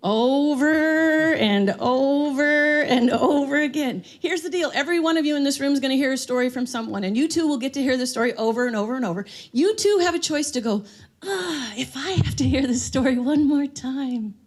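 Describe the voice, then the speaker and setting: Brisk and barely pausing, a woman with a high voice gives a live talk on dementia care in front of an audience. She relies on storytelling and questions directed at the room.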